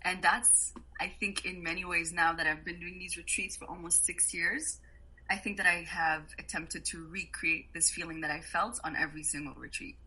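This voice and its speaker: A woman guest on a podcast, telling travel stories in a casual, animated way and laughing often. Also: fairly low pitch, moderate pace, husky, low-quality recording. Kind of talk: casual storytelling.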